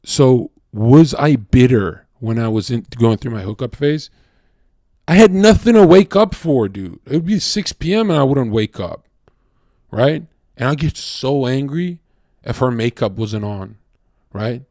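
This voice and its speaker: A man's voice: medium pitch, lively intonation, measured pace, dark tone, no echo, clean studio sound. A man livestreaming, telling a crude, profane confessional story with stammered restarts. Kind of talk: casual unscripted stream monologue.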